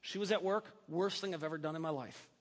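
A male pastor preaching a sermon in a church, animated and breaking in with joking asides. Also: a little high, fast talker. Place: church sanctuary. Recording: long hall reverb.

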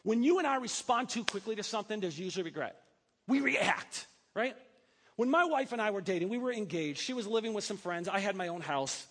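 A male pastor preaching a sermon in a church, animated and breaking in with joking asides. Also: high-pitched, fairly quick. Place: church sanctuary. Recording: long hall reverb.

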